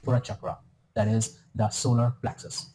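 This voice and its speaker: A man narrating a scripted spiritual self-help guide in a calm, soothing, instructive way. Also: lowish voice, moderate pace, low-quality recording. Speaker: wellness guru in a clip.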